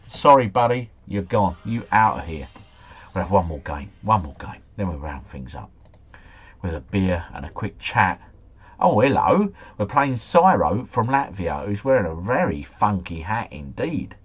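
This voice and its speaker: A man streaming a guessing game live, thinking aloud and chatting to viewers, his volume rising and falling with excitement. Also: fairly low pitch, measured pace, slightly rough, dull audio. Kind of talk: casual live commentary.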